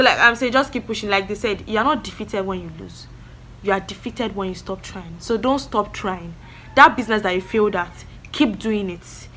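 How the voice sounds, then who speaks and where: A woman's voice: medium pitch, a bit bright, slight background noise. A young woman, talking earnestly to camera in a casual vlog and repeating her encouragements. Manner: earnest, motivational, repeats phrases. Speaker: vlogger.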